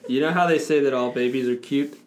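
A man's voice: mid-range voice, brisk. A man co-hosting a casual podcast with friends, making dry teasing jokes. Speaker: podcast co-host. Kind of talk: casual chat among friends.

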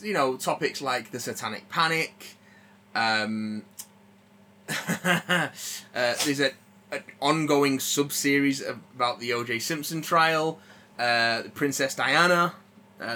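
A man's voice: mid-range voice, takes it slowly, bright, forceful tone, a little hiss or hum. A man co-hosting a podcast, chatting casually and rambling with lots of ums and restarts. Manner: rambling, many fillers and restarts. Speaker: podcast co-host. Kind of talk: casual chat.

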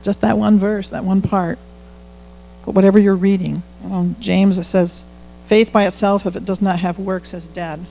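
A middle-aged man speaks to a congregation in a loose, confiding way, stepping into his own remembered prayers as he goes. His voice sits high for a man and catches often into a gravelly creak. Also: mellow, a little hiss or hum, poor audio. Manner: conversational, candid, quotes own prayers aloud. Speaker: church speaker sharing testimony. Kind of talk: informal sermon testimony.

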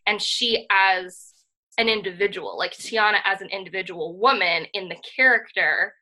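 A woman co-hosting a casual podcast, rambling along with plenty of "like" and "um". Her voice is bright and edged, sitting at an ordinary middle pitch. She sounds earnest and enthusiastic about what she is saying. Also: normal speed, rough recording. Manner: rambling, filler-heavy, frequent "like" and "um". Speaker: podcast co-host. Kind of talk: casual chat.

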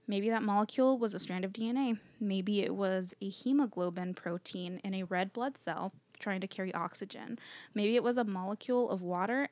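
A woman co-host reads her researched notes aloud in a steady, earnest way to her friends. Her voice sits at a middle pitch, and the recording is dry and close. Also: no echo. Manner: earnest, uses "like" when chatting. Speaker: podcast co-host. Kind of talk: reading researched notes to co-hosts.

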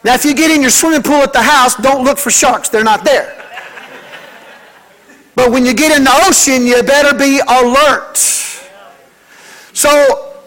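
An older man, a pastor preaching a fervent sermon to his church, moving between loud, emphatic lines and hushed ones. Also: very high voice, unhurried, long pauses, poor audio.

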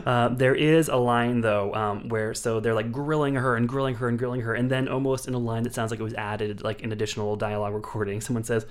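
A man's voice: medium pitch, fairly even intonation, fairly quick. A man in a casual podcast chat, recapping a film plot in a rambling way, full of fillers and restarts.

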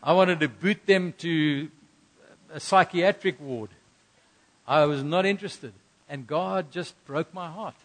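A middle-aged male pastor preaching a sermon, telling a personal story earnestly with emphatic bursts. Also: high-pitched.

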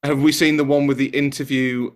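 Teasing man in quick banter. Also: mid-range voice, flat delivery. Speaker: podcast co-host. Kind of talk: casual chat among friends.

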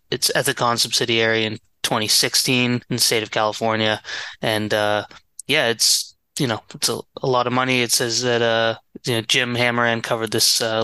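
A man running through the news items on a podcast, halting and casual, with many ums. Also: mid-range voice, bright, forceful tone, clean tone, no room sound, poor audio.

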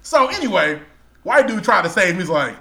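A man's voice: high-pitched, big pitch swings, fairly quick, creaky, sharp tone. A young man co-hosting a casual podcast, telling a long story with laughs, profane slang. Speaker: podcast co-host.

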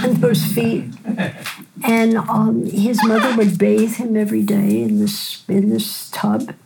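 Older woman, gentle storyteller, gravelly and mellow tone. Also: mid-range voice, poor audio. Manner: gentle unhurried storyteller, frequent "right?". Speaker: physician and teacher. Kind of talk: storytelling in a conversation.

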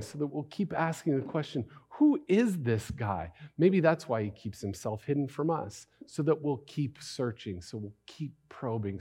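A man's voice: mid-range voice, mellow, breathy edge. A man preaching a sermon as a pastor, in a conversational way with many rhetorical questions and repeated phrases.

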